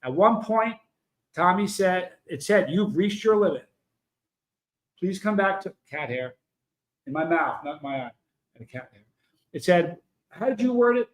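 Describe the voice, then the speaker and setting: A man's voice: sits high, expressive, measured pace, pauses often, low-quality recording. A man hosting a livestream in a casual, emphatic way, telling a story and speaking directly to viewers in the chat. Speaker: livestream host.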